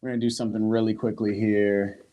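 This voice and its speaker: A man's voice: fairly low pitch, little pitch movement, quick pace, mellow, no echo, studio quality. A man hosting a casual football watch-party stream, loose and chatty, swearing now and then and talking straight to his viewers. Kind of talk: casual live-stream chat. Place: backyard, later indoors.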